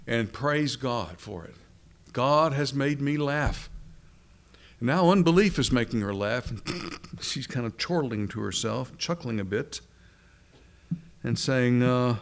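A middle-aged man delivers a sermon in a mid-pitched voice. He reads scripture aloud and puts questions to his listeners. He slows right down to stress key phrases. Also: lively intonation. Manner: deliberate, asks the congregation questions, slows down for emphasis. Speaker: preacher.

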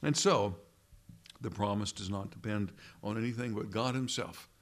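Low-voiced man preaching earnestly. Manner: earnest, measured preaching with rhetorical questions. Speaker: pastor. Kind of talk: sermon.

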